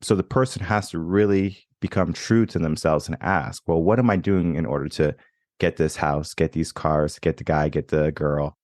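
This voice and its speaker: A young man hosts a coaching podcast in a reflective, storytelling way. His voice sits very low, and the sound is dry and close with no room around it. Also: steady tone, moderate pace, darkish tone, dry recording. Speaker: podcast host. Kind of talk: casual interview chat.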